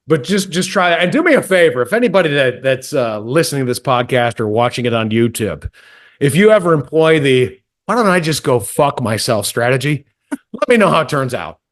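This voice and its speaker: During a casual storytelling chat, a podcast co-host from Texas tells a rambling, profane story, stammering and restarting along the way. He sounds animated, with a medium-pitched voice and a slightly fast pace.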